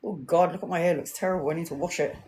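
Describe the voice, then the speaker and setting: A woman tarot reader chatting casually on a live stream, an animated storyteller who swears freely and acts out what others said. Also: fairly low pitch, very fast.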